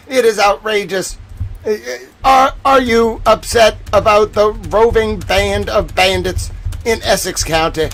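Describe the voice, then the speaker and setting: A man hosting a livestream commentary, talking in an excitable, rambling way and often repeating himself. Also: sits high, measured pace. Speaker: host.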